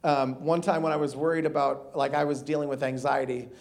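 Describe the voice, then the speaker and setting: A man in his thirties, a guest preacher telling a funny, animated personal story in a sermon with frequent laughter. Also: mid-range voice, a little fast, creaky.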